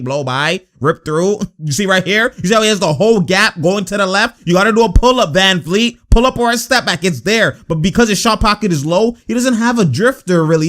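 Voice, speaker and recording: Young guy hyped up reacting to hoops, laughing a lot, yelling at the players, voice a bit on the high side. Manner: excitable, laughs often, talks to players on screen. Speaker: basketball reaction commentator. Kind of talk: live reaction commentary over game footage.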